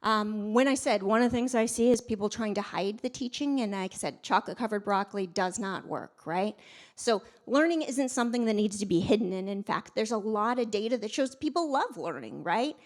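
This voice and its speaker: A middle-aged woman giving a conference talk, emphatic and energetic, with many fillers and restarts. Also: mid-range voice, brisk. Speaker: conference speaker.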